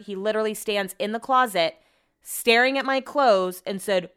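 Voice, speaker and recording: Exasperated young woman venting, smooth voice. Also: mid-range voice, a little fast, fairly bright tone. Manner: exasperated, ranting, swears freely. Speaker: vlogger. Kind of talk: casual venting vlog.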